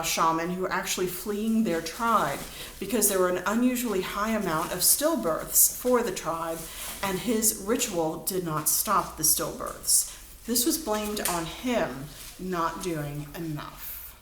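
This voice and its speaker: A woman's voice: fairly low pitch, measured pace, fairly bright tone. A woman instructor giving a lecture in a chatty storytelling way, full of ums and uhs. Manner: chatty storytelling, frequent fillers. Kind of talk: recorded lecture. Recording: roomy room, faint background noise.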